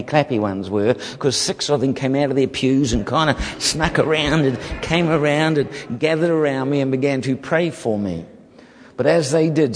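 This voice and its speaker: New Zealand man preaching in a reverberant hall. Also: medium pitch. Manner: animated storytelling with comic asides. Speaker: guest preacher. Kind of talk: humorous testimony sermon.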